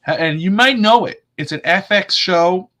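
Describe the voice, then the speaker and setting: A man co-hosting a casual sports podcast, telling stories in an animated way and acting out quotes. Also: high voice, normal speed. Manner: animated storyteller, acts out quotes, swears casually. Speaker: podcast co-host.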